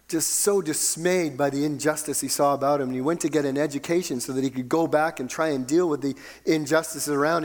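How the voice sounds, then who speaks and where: Male preacher, slightly high pitch; theatrical sermon delivery with big swings in volume. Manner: dramatic, swings from ringing emphasis to hushed near-whisper; rhetorical, addresses listeners as loved ones.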